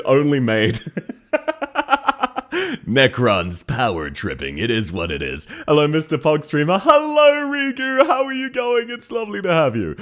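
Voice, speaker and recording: A male streamer chatting casually with his viewers, laughing often and thanking them, slightly congested and coughing. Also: medium pitch. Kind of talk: casual live stream chat.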